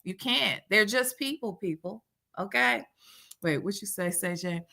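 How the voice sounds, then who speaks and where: A woman hosting a casual livestream, chatting and talking straight to her viewers in a sassy, lively way. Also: measured pace, vocal fry. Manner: lively with loud jumps in pitch. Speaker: YouTube commentary host. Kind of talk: casual livestream commentary, reading the chat.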